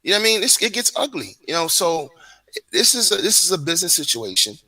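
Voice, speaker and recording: Lively fast-talking man. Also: high-pitched, breathy edge, low-quality recording. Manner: animated, joking, street slang. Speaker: livestream guest. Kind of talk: casual chat.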